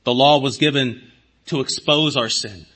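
A man preaching a sermon as pastor, swinging his pitch and volume for emphasis and acting out imagined speakers. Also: measured pace, sharp tone.

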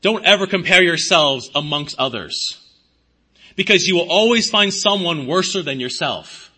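A man preaching a sermon as pastor, swinging his pitch and volume for emphasis and acting out imagined speakers. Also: lively intonation, normal speed, sharp tone, husky.

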